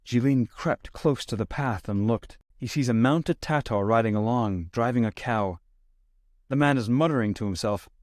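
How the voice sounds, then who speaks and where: A man narrating a classic short story as an audiobook reader, steady, lifting his voice for quoted lines. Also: mid-range voice, normal speed, no room sound. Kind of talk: scripted narration.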